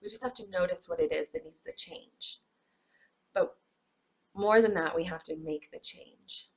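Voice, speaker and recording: Woman lecturer, gravelly fry, expressive and demonstrative delivery. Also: fairly low pitch, unhurried. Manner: expressive, acts out examples, sighs and groans. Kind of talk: classroom lecture.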